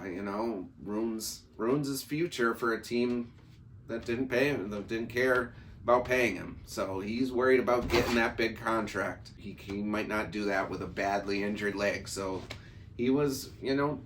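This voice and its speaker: A man's voice: medium pitch, slight background noise. A man hosting a casual solo sports talk show, rambling and opinionated, often repeating and restarting his phrases.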